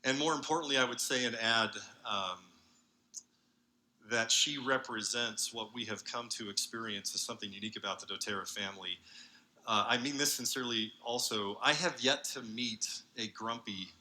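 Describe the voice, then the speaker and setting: A man giving an earnest conference talk as a university researcher, speaking haltingly with many fillers. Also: mid-range voice, pushed and bright, slight background noise, poor audio. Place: large convention hall.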